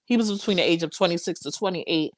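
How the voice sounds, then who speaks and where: A woman's voice: on the low side, fast. A young adult woman hosting a live stream, talking straight to her viewers in impassioned, preachy casual commentary.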